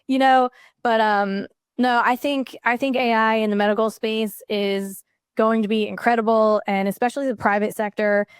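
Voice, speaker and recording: Excited rambling woman, smooth voice. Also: a little high, no echo, clean studio sound. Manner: excited, rambling, many fillers. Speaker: podcast guest. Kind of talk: casual chat.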